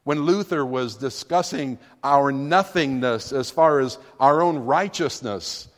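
A man's voice: medium pitch, measured pace. A man preaching a sermon in a church sanctuary, with an emphatic, dramatic delivery. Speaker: pastor. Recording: long reverb of a large room.

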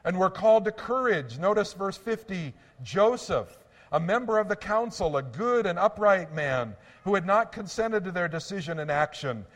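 A man preaching a sermon in an earnest, measured way, slowing down to stress key phrases. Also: sits high, expressive, big-room sound. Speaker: pastor.

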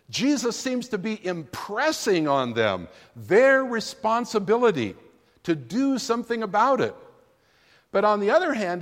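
Slow, emphatic male preacher in a reverberant hall. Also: high-pitched. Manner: emphatic, dramatic preaching delivery. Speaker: pastor. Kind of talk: sermon. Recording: long reverb of a large room.

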